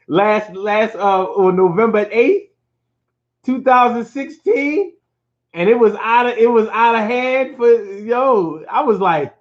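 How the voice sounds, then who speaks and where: High-voiced man riffing loosely. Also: dull audio. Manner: loose, slangy and profane, with rhymed riffs. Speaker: podcast host. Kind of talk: casual election-night monologue.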